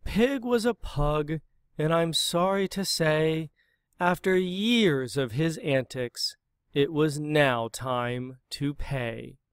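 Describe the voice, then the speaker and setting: Slow, expressive man reading a picture book. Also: a little high, clean tone, no echo, clean studio sound. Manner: expressive, dramatic read-aloud. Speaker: storyteller.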